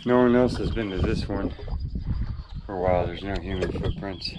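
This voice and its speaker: A man's voice: sits low, normal speed. A man narrating as he hikes up a rocky trail, out of breath and wondering aloud at what he finds. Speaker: hiking vlogger. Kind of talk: casual narration while hiking. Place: outdoors on a rocky hillside. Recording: outdoor camera audio with background noise.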